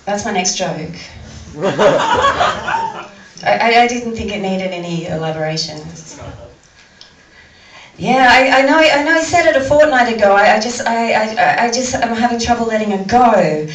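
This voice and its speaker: A woman's voice: fairly high pitch, big pitch swings, unhurried, long pauses, echoey room, far from the mic, background noise. Stammering Australian woman doing stand-up. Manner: rambling, stammering delivery with frequent restarts. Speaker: stand-up comedian. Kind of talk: stand-up comedy set. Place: comedy venue with audience.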